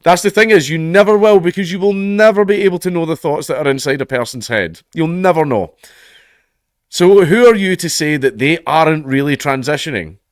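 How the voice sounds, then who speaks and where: A man's voice: on the high side, fairly quick, dry recording, studio quality. A Scottish man reading out news stories and adding sarcastic, profane remarks with laughing asides. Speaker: commentator.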